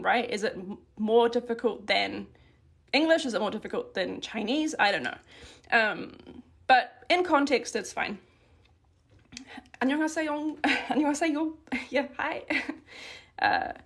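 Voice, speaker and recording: A woman teaching Korean grammar in a live-streamed lesson, explaining step by step in a friendly way and thanking viewers by name. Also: high voice.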